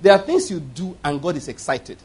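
A man preaching in a husky, somewhat high voice. He works through his sermon as a string of stories and drives each point home with emphasis and repetition. He slips into the voices of the people he quotes. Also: animated, fairly quick, darkish tone. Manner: emphatic storytelling preacher who acts out quoted speech. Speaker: pastor.

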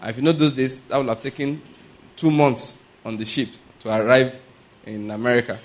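Preacher, chatty, checking in often. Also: male voice, mid-range voice, fairly even intonation, moderate pace. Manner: checks in with "are you getting my point?" and "all right?"; chuckles and rambles into anecdotes. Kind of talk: conversational sermon.

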